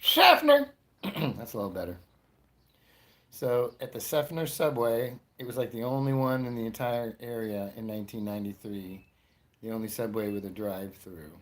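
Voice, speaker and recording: This Florida comic, in his 40s, speaks at an ordinary pace with a mellow voice on the low side. His stand-up wanders from story to story, and he often cuts himself off mid-thought.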